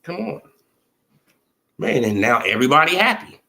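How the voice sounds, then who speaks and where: This boxing commentary vlogger shares casual, slangy opinions, often asking if you feel what he's saying. His voice is sing-song and sharp with vocal fry, at a moderate pace. He acts out imagined dialogue with his pitch swinging up and down.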